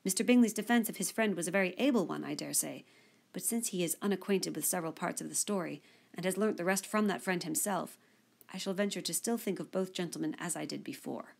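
A spirited, sharp-witted young woman speaks pointedly and articulately. Her voice sits low with some gravel. A woman reads her in an audiobook. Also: fast. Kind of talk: audiobook character reading.

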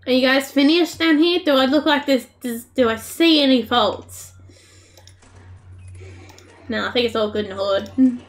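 A woman's voice: sits high, unhurried, pauses often. A young Australian woman streaming a game, chatting casually, laughing often and talking to the characters on screen. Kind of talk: casual live-stream gameplay commentary.

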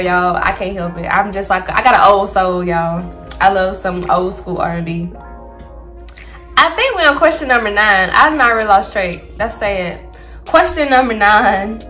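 A woman's voice: mid-range voice, sharp tone. A woman of twenty-five from Alabama with a Southern accent, chatting casually through a get-to-know-me Q&A and often saying y'all. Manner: chatty, says y'all often, laughs between answers. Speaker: vlogger.

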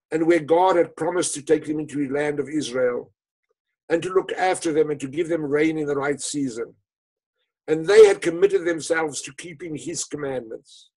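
A man telling a story to an audience as part of a lecture, with dramatic, emphatic delivery and phrases that fall away to a hush. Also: mid-range voice, vocal fry, slightly rough, low-quality recording.

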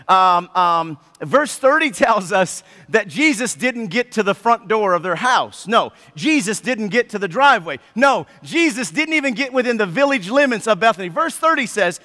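A pastor delivers his sermon in a high, bright voice. He tells the story with animated energy and acts out the people in it. His voice rings with long reverb in a church hall. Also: normal speed, few pauses. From United States. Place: church sanctuary.

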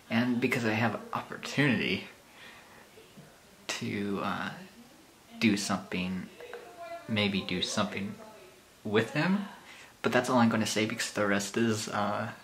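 On his own channel, a man with a somewhat low, slightly bright voice chats casually in vlog fashion at an unhurried pace. He sounds nervous and hesitant, pausing often, filling gaps, and laughing self-deprecatingly.

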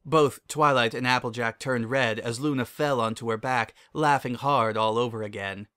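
Guy reading a fan fiction story out loud, even and measured narration. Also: medium pitch, clear, resonant tone.

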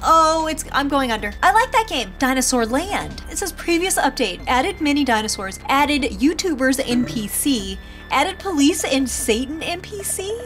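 A woman giving bubbly, excitable running commentary as she plays video games. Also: sits high, moderate pace, faint music behind. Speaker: gaming YouTuber. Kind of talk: game commentary.

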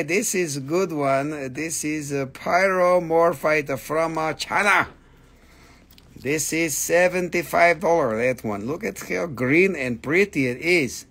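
High-voiced joking man selling crystals live. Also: a bit bright. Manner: joking, playful, breaks into silly voices. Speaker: live-stream crystal seller. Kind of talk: casual live sales stream.

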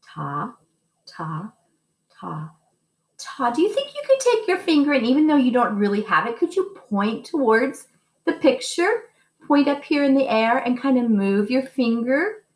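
A woman music teacher giving a lesson to young children, speaking slowly and patiently and chanting rhythm syllables. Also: high-pitched, very animated, echoey room.

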